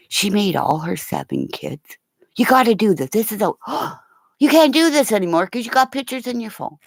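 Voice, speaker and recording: A middle-aged woman hosting a rambling, casual livestream chat, excitable, gasping and dropping into whispers. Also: medium pitch, normal speed, creaky, dry recording, studio quality. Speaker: livestream host.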